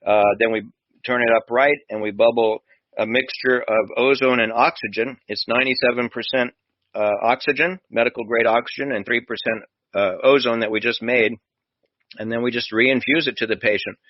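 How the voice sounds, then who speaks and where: A man's voice: medium pitch, steady tone, moderate pace, no echo. Man, doctor radio host, chatty storyteller, dry dull lo-fi audio. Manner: conversational, acts out dialogue in his stories. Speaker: doctor hosting a radio show.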